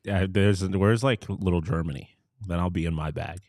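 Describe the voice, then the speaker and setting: A man's voice: sits low, moderate pace, darkish tone, no echo, clean studio sound. A man co-hosting a sports podcast in casual chat, eager and self-deprecating. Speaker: podcast co-host.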